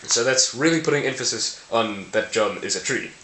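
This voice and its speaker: Speaking at a medium pitch and moderate pace, this language video host sounds pushed and bright. He playfully explains language concepts to the camera, often fixing his own mistakes and laughing at them. The recording, made on a camera mic, is roomy with faint hiss.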